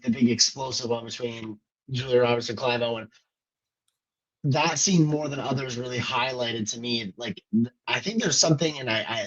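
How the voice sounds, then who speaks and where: A man co-hosting a podcast, talking loosely and hesitantly about a film and searching for his words. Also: mid-range voice. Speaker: podcast co-host. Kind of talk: casual film discussion. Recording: slightly dull lo-fi audio.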